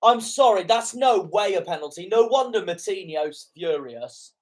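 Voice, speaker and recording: A man's voice: high voice, lively intonation, moderate pace. A young man giving live reaction commentary on a football match, often indignant and swearing at the referee's calls. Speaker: fan commentator.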